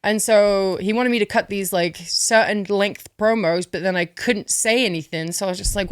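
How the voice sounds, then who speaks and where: A woman, a former pro wrestler, tells stories as an interview guest, animated and swearing freely. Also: medium pitch, fast talker, few pauses, clear, resonant tone, dry recording, clean studio sound. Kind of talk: casual interview storytelling.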